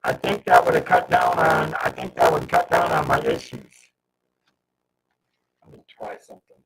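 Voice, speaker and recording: A man's voice: extremely low pitch, huge pitch swings, moderate pace, far from the mic. A man hosting a casual livestream, flustered and restarting his sentences while he fights audio trouble. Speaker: livestream host. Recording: noisy livestream audio with hiss.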